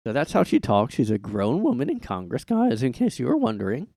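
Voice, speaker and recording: A podcast host rambles and swears through a casual solo show from his room, packing his speech with "like" on a close mic. His medium-pitched voice swoops wildly, brisk and gravelly with a darkish tone, and there's no room sound.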